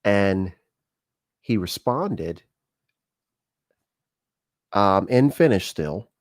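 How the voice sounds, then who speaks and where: This host from the United States has a lowish, animated voice and draws out his words while sharing personal stories on his live-streamed talk show. He talks conversationally, often restarting and using fillers, and the audio is studio quality with no echo.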